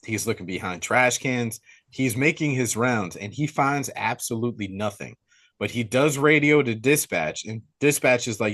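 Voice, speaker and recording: A young man hosting a podcast, retelling a movie plot in casual, excitable, slangy chat. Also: mid-range voice, moderate pace. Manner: excitable storyteller, slangy, says dude a lot. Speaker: podcast host.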